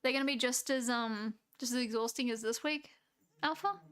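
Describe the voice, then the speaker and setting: Speaking at a moderate pace, this Australian woman has a clean, fairly bright voice on the high side. She's rambling casually to viewers on a live stream, frequently laughing and trailing off mid-thought.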